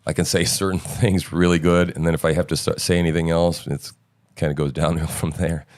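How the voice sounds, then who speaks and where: A middle-aged man with a very low, smooth and resonant voice, hosting a casual stream. He talks loosely and rambles, full of fillers and restarts. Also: level tone, a little fast, a little mellow. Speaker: show host. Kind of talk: casual live-stream chat.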